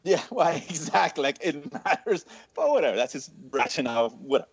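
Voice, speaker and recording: A man on a podcast telling a funny story in casual chat, animated and saying "dude" all the time. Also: a little high, a little fast, breathy edge, no echo. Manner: animated, says "dude" constantly. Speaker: podcast co-host. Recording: slightly muffled dry sound.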